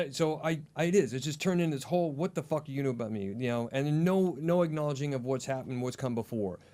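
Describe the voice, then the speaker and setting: Fast-talking profane male comedian. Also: medium pitch, mellow. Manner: profane, storytelling with acted quotes. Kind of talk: casual chat. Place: studio.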